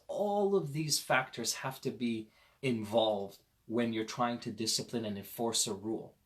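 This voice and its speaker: A man teaching a parenting lecture on a Quran verse, telling stories with lively swings between loud emphasis and quiet asides, and speaking directly to parents. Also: mid-range voice. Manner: conversational, addresses parents directly. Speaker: Islamic teacher.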